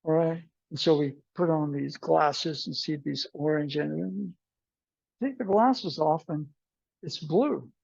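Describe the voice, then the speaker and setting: A man teaching an aikido class in a relaxed, meandering way, telling stories and acting out the dialogue. The recording sounds dull and muffled. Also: a little high, slow, vocal fry, breathy edge, no echo. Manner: meandering storyteller who acts out dialogue. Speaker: aikido instructor. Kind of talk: informal class talk with anecdotes. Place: martial arts class.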